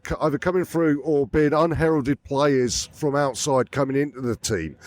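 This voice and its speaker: Hoarse male podcast host, enthusiastic and rambling, outdoor stadium recording. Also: mid-range voice, a little mellow. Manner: enthusiastic, rambling fan talk. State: hoarse from shouting. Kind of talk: casual chat.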